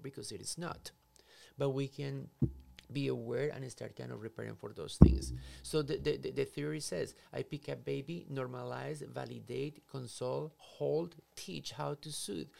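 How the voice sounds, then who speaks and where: A psychotherapist explaining ideas in conversation, acting out scenarios in quoted voices. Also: male voice, mid-range voice, gravelly, warm tone. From Latin America.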